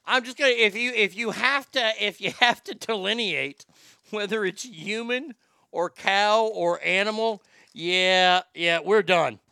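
A man's voice: high-pitched, unhurried, vocal fry, bright, forceful tone, clear, resonant tone, no echo, studio quality. A man hosting a comedy podcast, rambling and joking crudely, often stammering and repeating words. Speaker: podcast host.

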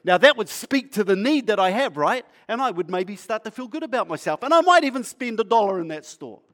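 A male pastor preaching in a conversational, playful way, asking the congregation questions and sometimes dropping to a quiet, earnest tone. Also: very animated, brisk. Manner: acts out a shopkeeper's sales pitch. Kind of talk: sermon.

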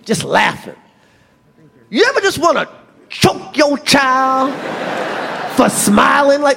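High, animated man doing stand-up. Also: slow, vocal fry, long pauses, slight background noise. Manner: animated, profane, acts out other people's voices. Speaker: stand-up comedian. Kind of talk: stand-up routine. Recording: long reverb of a large venue, faint ambience.

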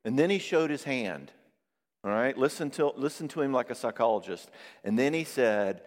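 A man preaching a sermon on marriage, lively and conversational, acting out quoted voices now and then. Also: medium pitch, normal speed. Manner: animated, acts out quoted voices. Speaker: pastor and therapist. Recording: long reverb of a hall.

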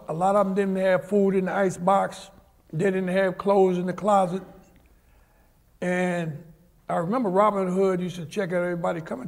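A man's voice: high-pitched, gravelly. An older man from Harlem, a guest telling vivid stories on stage at a live event in a large auditorium and acting out the people in them. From Harlem, New York. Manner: vivid anecdotal storyteller, acts out the people in his stories. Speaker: guest, former Olympic sprinter. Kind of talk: storytelling on stage.

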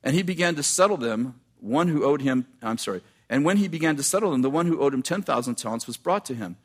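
Reading scripture aloud during a sermon, this preacher keeps interrupting himself with quick, animated asides to the congregation. His voice is mid-range.

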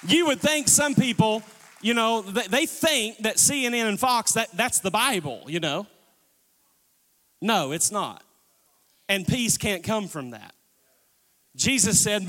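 A man's voice: high voice, lively intonation, measured pace, pushed and bright. A man preaching a sermon as pastor, calling on the congregation to respond. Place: church sanctuary. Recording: long church reverb.

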